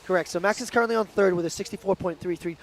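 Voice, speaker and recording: High-voiced sports commentator. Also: male voice, slight background noise. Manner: excitable, joking, quick banter. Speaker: live-stream commentator.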